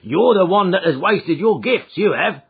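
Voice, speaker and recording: A man voicing a gruff, stubborn prizefighter turned porter in an audiobook, with rough rustic speech. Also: high-pitched, animated, moderate pace, pitched above the performer's own voice, exaggerated voice. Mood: boisterous. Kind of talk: audiobook character voice. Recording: thin phone-like audio.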